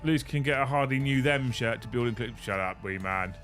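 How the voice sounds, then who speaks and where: A man's voice: mid-range voice, fast, fairly bright tone, soft background music. A young man hosting a live stream, thanking viewers, joking, swearing and laughing often. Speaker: livestream host. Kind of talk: casual live-stream chat.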